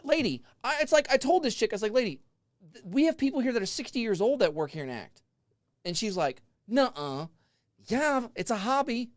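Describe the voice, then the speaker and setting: A man's voice: very high-pitched, a little fast, dry recording, studio quality. A man in his forties, a haunted house actor, telling a story in a casual chat with laughs, acting out other people's voices. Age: 40s. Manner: animated, laughing, acts out voices.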